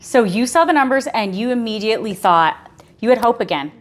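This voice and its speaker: A woman's voice: fairly high pitch, lively intonation, brisk. A woman hosting an interview, recapping her guest's story with empathy and prompting for details. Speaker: podcast host interviewing a guest. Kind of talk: conversational interview.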